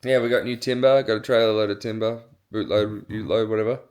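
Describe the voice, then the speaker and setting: A woman's voice: very deep voice, fairly even intonation, fast talker, a little mellow. A young mother, chatty and laughing often, cooing at her baby in a casual family vlog.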